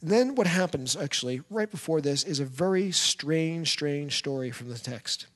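A man preaching a sermon, retelling a scripture story in a lively storytelling manner. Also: a little high, normal speed, long reverb tail. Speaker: pastor.

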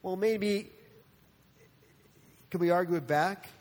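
A man preaching a sermon as a pastor, earnest, moving between soft asides and animated stretches. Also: sits high, takes it slowly, long reverb tail, slight background noise.

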